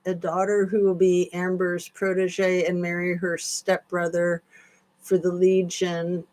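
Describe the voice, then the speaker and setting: Slow-talking woman livestream host. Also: fairly low pitch, completely flat delivery, darkish tone. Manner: chatty, scattered, reacting to comments. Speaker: channel host. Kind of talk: casual livestream chat.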